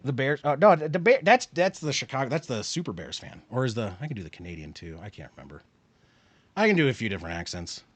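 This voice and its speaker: Excitable male live-stream sports commentator. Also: mid-range voice, quick pace, no echo. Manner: rises excitedly on big plays, mutters asides quietly.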